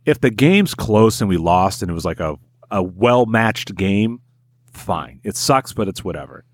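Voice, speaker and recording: Low-voiced man ranting casually. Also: measured pace, no room sound, studio quality. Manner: profane, animated ranting with laughs. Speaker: podcast co-host. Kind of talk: casual chat.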